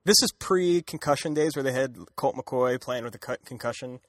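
A man's voice: medium pitch, normal speed, no echo, studio quality. A man co-hosting a podcast, recapping a comic with a laugh and acting out quotes. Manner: laughing, playful, acts out quotes. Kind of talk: casual comedic chat.

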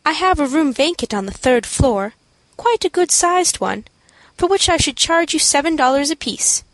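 Brisk businesslike landlady, polite questions, raised pitch, read by a woman. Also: lively intonation, no room sound, rough recording.

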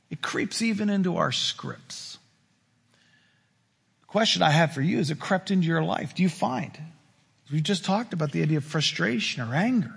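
A man pastor preaching a sermon in a conversational style, acting out quoted lines, with a husky voice in a reverberant church. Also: sits high, animated, moderate pace, pauses often, a bit bright. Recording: reverberant hall.

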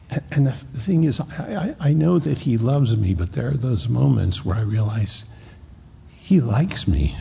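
A man preaching a sermon as pastor, earnest and emphatic, stressing words slowly and repeating himself as he drives a point home. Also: medium pitch, lively intonation, creaky, warm tone, slightly rough, in a large hall.

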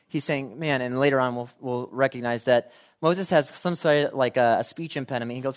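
Animated man preaching a sermon. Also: medium pitch, a little fast, hardly any pauses, smooth. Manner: animated, builds from quiet to loud emphasis.

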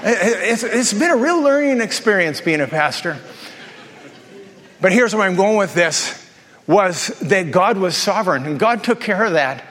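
A man's voice: high voice, lively intonation, fairly bright tone, in a large hall. A male pastor preaching a sermon with humorous storytelling and playful asides. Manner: jokey storytelling, quick asides and self-repeats.

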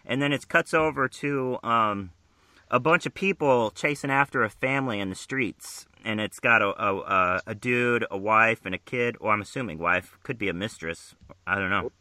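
A man's voice: on the low side, moderate pace, sharp tone, dry recording. A man co-hosting a podcast, retelling a comic in a crude, joking, casual way. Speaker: podcast co-host reading a comic. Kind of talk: casual chat.

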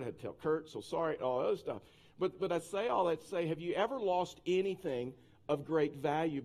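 A male pastor preaching a sermon, telling a personal anecdote in a lively, conversational way with many restarts and asides. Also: fairly high pitch.

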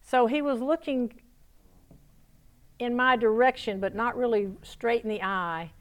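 A woman pastor shares her spoken testimony with an audience, her voice a little high and her pace a little slow. She tells her story with lively energy, at times dropping into soft, hushed tones.

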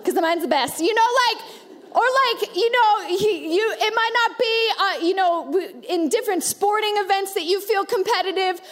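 A woman's voice: very high-pitched, normal speed. A woman in her thirties preaching a sermon in a church auditorium, playful and joking with the congregation. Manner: playful, joking, animated asides. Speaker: pastor. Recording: reverberant church hall.

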